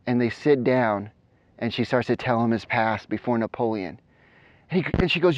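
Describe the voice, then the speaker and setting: In this energetic vlog, a male motivational coach with a mid-range voice tells a story at a moderate pace while jogging up a mountain trail. The sound is lo-fi with no room ambience.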